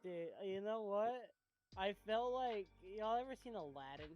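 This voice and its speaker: A young man chatting as a podcast co-host, drunk, excitable, swearing and laughing a lot. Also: high-pitched, a little slow, lo-fi sound, soft background music. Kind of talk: casual chat.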